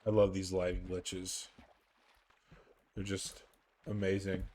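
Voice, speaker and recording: A man's voice: low-pitched, monotone, darkish tone, slight background noise. A man giving casual, rambling commentary over his gameplay, with lots of fillers and restarts. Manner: rambling, filler-heavy, unhurried. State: sleepy, yawning. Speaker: gaming YouTuber.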